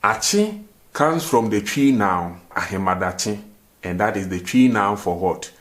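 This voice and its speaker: Man, language teacher, slow and deliberate, repeats phrases, rhetorical questions. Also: fairly low pitch, expressive. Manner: drills phrases, asks rhetorical "what?" questions. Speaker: language teacher, show host. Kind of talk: language lesson, slow and repetitive.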